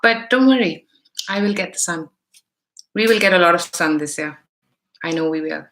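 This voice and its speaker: A woman with a mixed Indian accent hosts a live tarot stream, chatting casually, greeting viewers by name, and thinking aloud as she reads the cards. Her voice is fairly low-pitched and a bit bright at a moderate pace, with slight background noise.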